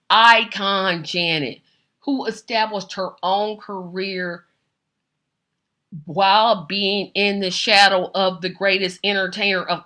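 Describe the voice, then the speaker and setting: A woman hosting a live-stream commentary show, speaking with an emphatic, animated delivery. Her voice is bright and forward, and she often repeats phrases for emphasis while talking straight to her viewers. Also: medium pitch. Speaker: political commentary host.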